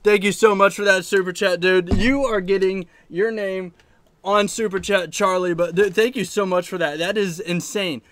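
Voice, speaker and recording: A man tells a travel story on a live stream from his own room. His voice sits a little high and sounds close and dry, with no room echo. He rambles and laughs, talking casually to his viewers. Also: moderate pace. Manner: rambling, animated, laughs often. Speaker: arcade channel host.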